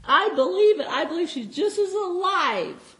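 High-voiced woman preaching with heartfelt stories. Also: unhurried. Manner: heartfelt, animated storytelling with frequent laughs. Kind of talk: sermon with personal stories.

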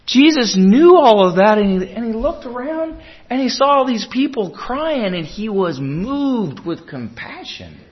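A man preaching a sermon, earnest, moving between loud urging and hushed tender lines. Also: very high-pitched, sing-song, measured pace, few pauses, muffled recording.

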